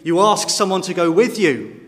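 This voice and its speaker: A man with a high-pitched voice delivers a sermon, earnest and emphatic, building in force at the key points. His words carry a long reverb, as if heard in a church hall. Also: expressive, moderate pace. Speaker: pastor.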